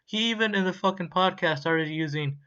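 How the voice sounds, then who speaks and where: A man's voice: sits high, a little fast, bright, forceful tone, smooth. A young man ranting angrily in a vlog, swearing and rambling in a heated way. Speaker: vlogger. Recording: dull lo-fi sound.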